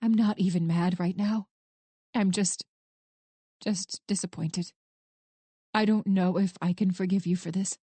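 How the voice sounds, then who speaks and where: Woman playing an upset wife, sharp and raw. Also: a little high, expressive, measured pace, long pauses, breathy edge, dry recording. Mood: hurt. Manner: sharp, rising and then breaking. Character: angry, frightened adult woman confronting her husband.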